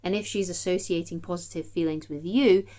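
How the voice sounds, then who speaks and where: A woman's voice: on the low side, steady tone, fairly quick, mellow. A woman, a dating coach, giving chatty, emphatic advice straight to camera and often checking in with "okay?". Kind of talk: direct-to-camera advice talk.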